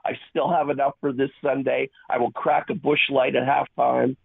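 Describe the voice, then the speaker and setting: Gravelly middle-aged man on a tinny phone line. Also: medium pitch, level tone, moderate pace, dry recording. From Ontario, Canada. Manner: chatty, detailed storytelling. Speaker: caller. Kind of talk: phone call-in.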